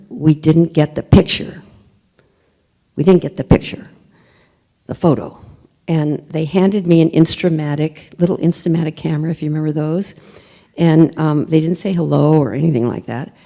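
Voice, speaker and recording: A woman's voice: sits low, gravelly, warm tone. A woman telling a personal story in a church talk, candid and emphatic, often searching for words. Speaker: speaker.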